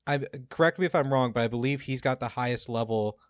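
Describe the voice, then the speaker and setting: A man co-hosting a podcast in casual chat, animated and laughing often. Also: medium pitch, quick pace, smooth, no echo. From Minnesota. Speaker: podcast co-host. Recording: dull lo-fi mic.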